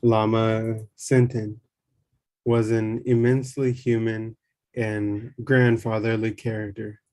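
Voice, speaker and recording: A man reading a spiritual memoir aloud in a calm, measured way. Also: fairly low pitch. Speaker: reader.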